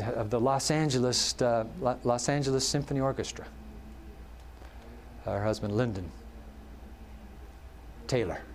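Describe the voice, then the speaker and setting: A male pastor preaching a sermon. He tells stories animatedly and drops to soft, slow words for emphasis. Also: mid-range voice, a little hiss or hum.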